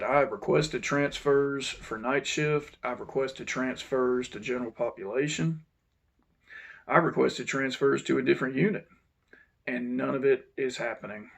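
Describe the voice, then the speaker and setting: A man, telling a personal story to his channel's viewers in an unhurried, reflective way that sometimes drops to a low mutter. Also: creaky, fairly bright tone. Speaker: channel host. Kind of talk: casual storytelling monologue.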